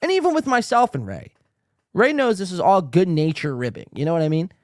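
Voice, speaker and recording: A man's voice: high-pitched, a little fast, dry recording, clean studio sound. A man hosting a reaction podcast, ranting and swearing in casual commentary. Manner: profane, ranting, excitable. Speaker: podcast host.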